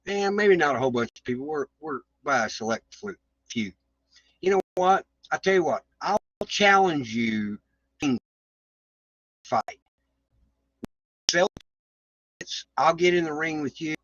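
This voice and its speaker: A man's voice: medium pitch, pushed and bright, dry recording, dull audio. A man hosting his own livestream, ranting in a confrontational way with swearing and restarts, over a choppy connection. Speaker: livestream host. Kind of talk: heated livestream rant.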